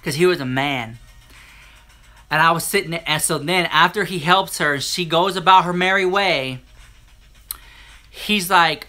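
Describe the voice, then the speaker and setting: A man chatting to a live-stream audience, telling a story in an animated, sassy way and acting out the other people in it. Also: on the high side, a little slow, pauses often, soft background music. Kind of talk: casual storytelling to a live chat.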